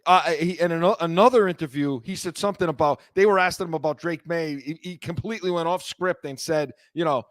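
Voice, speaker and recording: Man, sports talk co-host, blunt, stammers, slightly high voice, dry close sound. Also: fairly quick, few pauses, dry recording. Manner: blunt, stammers and repeats words when heated.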